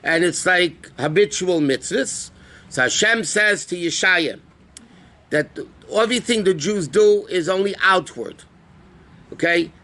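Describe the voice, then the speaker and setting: Man, rabbi giving a live class, slightly high voice, conversational, explains and asks the room questions. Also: unhurried, sharp tone. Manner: answers student questions. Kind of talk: live Jewish law class.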